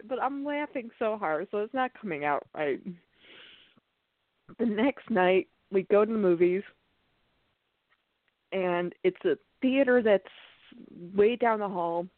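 A woman with a mid-range voice hosts a podcast, telling a funny personal story casually and animatedly, laughing often as she speaks. The sound is dry and tinny, like a phone line.

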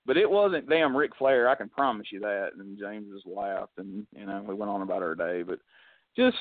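A man's voice: on the low side, normal speed. A man tells a story on a wrestling podcast, breaking into quoted voices for the other people in it. The sound is thin and phone-like, with no room echo. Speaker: podcast co-host. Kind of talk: casual storytelling chat. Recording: dry, phone-like audio.

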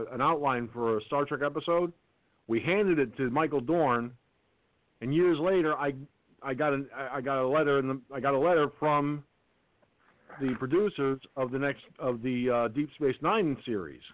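A man's voice: mid-range voice, moderate pace, dry recording. A man hosting a call-in radio talk show, telling stories and breaking into cheesy impressions, heard over a phone-line connection. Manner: storytelling, slips into cheesy impressions. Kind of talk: casual chat.

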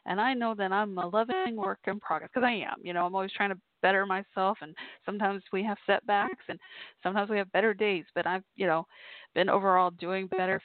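A woman's voice: mid-range voice, no room sound. A woman telling a personal story to her listeners in a chatty way, laughing often. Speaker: podcast host. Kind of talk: casual storytelling monologue. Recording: tinny phone-like sound, dry.

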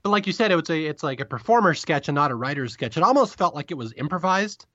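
A man co-hosting a podcast, chatting casually and quickly about a comedy episode, often correcting himself mid-sentence. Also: fairly high pitch, lively intonation, a bit bright, no room sound, dull audio. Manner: rapid, chatty, self-correcting. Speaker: podcast co-host. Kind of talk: casual review chat.

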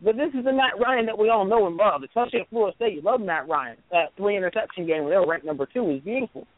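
A man's voice: high voice, lively intonation, racing, no room sound. A man co-hosting a sports talk show, making mocking, sarcastic asides about the local teams. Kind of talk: casual sports radio rant. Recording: tinny phone-like radio sound.

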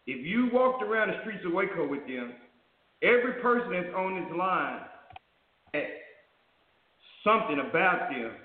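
A man with a high voice hosts a call-in talk show, laying out his points in a preacherly build with rhetorical questions. The sound is echoey and thin, as if heard over a phone line. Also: expressive, moderate pace, long pauses. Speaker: host. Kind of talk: talk radio commentary.

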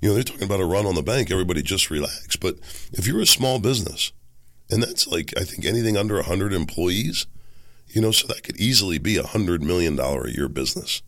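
A man with a very low voice hosts a solo commentary podcast while hoarse from a cold. His speech is raspy and gravelly, and he presses his points with emphasis. The sound is dry and close. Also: animated, fast talker, a bit bright, dry recording. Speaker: podcast host.

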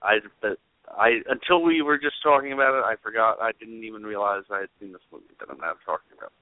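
A man's voice: on the low side, quick pace, no room sound. A man co-reviewing a movie on a podcast, rambling and hedging with lots of "like". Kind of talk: casual movie review chat. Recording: dry phone-like sound.

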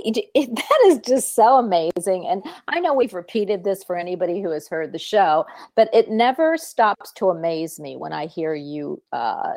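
A woman hosting a chat show, enthusiastic and quick to laugh as she asks her guest questions. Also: fairly low pitch, darkish tone, no echo. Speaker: talk show host. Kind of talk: interviewing on an online chat show.

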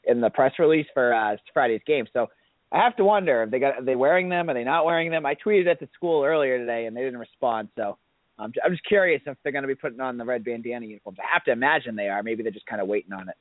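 Rambling radio co-host on a tinny line. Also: male voice, mid-range voice, quick pace, dry recording. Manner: relaxed, rambling with many fillers. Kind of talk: casual sports radio talk. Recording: dry, tinny phone-like line.

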